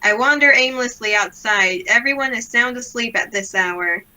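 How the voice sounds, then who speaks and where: A woman reading aloud the lines of a gloomy, self-blaming young woman from a visual novel, in a slow, subdued, melancholy way. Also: fairly high pitch, pushed and bright, poor audio.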